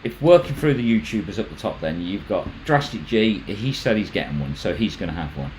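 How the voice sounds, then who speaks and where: Brief: man, lower voice, rambling and chatty, hosting a livestream and reading viewer comments aloud. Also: expressive, brisk, darkish tone, a little hiss or hum, poor audio. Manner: chatty, rambling, stumbles and restarts. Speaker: magnet fishing channel host.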